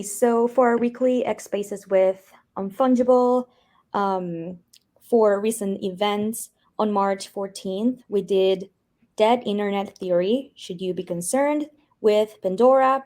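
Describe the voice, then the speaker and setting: A woman's voice: mid-range voice, slow, a little mellow. A woman co-presenting weekly updates on a casual community call, friendly in manner. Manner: friendly, laughs between lines.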